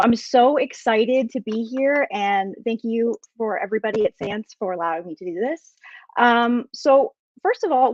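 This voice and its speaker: A woman guest-hosting a live podcast, bubbly and excitable, greeting viewers with lots of exclamations. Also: a little high, breathy edge, no echo. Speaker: guest host. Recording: dry, slightly dull sound.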